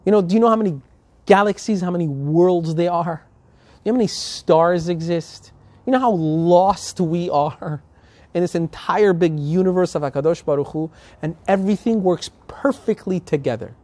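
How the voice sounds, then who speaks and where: A man's voice: high-pitched, moderate pace, a little mellow, no echo. A male rabbi preaching a sermon and telling a story, emphatic and building to passionate appeals.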